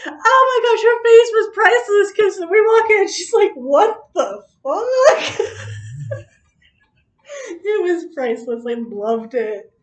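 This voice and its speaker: A woman's voice: very high-pitched, lively intonation, normal speed. A woman hosting a casual chat, telling a story with frequent laughter and free swearing. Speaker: host.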